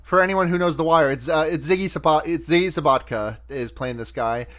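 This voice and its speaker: A man's voice: a little high, fairly quick, fairly bright tone. A man co-hosting a podcast, retelling a film scene by scene in a rambling, casual way and swearing now and then. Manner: rambling retelling with quoted dialogue and laughs. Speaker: podcast co-host.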